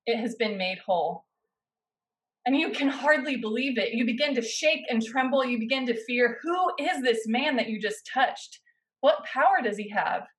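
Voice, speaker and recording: A woman pastor preaching a sermon, guiding her listeners through a scene in the second person with slow, dramatic pauses. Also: fairly high pitch, a bit bright, low-quality recording. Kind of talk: sermon with guided imaginative narration.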